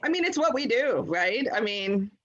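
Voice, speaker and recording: Brief: woman host, supportive interviewer, very lively pitch. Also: moderate pace, dull audio.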